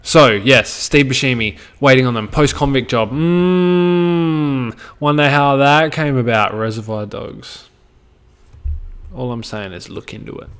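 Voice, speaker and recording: A man's voice: medium pitch, normal speed, a bit bright. A young Australian man talking straight to camera in a loose, rambling monologue, swearing freely and often trailing off mid-thought. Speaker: vlogger.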